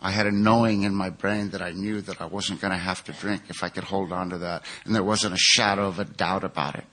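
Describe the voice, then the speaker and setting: A man's voice: low voice, steady tone, fairly quick, bright, forceful tone, slight background noise. A man from California giving an earnest, plain-spoken personal recovery testimony at a 12-step conference.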